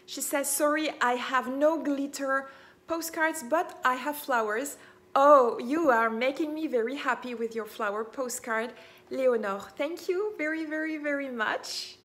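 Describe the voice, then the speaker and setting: This is a woman chatting in a casual vlog. Her voice sits high and she takes her time. She is openly enthusiastic, often breaking into small gasps and laughs. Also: fairly bright tone. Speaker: vlogger.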